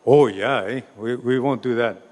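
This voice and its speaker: A man's voice: mid-range voice, normal speed, darkish tone, natural voice. A man voicing a group of village elders from a folk tale, who talk in a lifted, matter-of-fact way about punishing a captive, heard with long hall reverb. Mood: agreeing.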